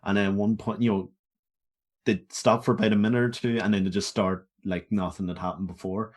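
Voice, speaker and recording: Blunt Northern Irish co-host. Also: male voice, fairly low pitch, flat delivery, brisk. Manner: blunt, swearing storyteller. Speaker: podcast co-host. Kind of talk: casual chat.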